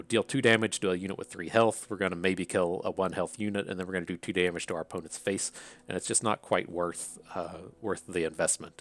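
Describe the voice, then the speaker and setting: A man with an Appalachian accent casually thinking aloud through card draft picks, with many fillers and restarts. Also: low voice. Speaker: card game content creator.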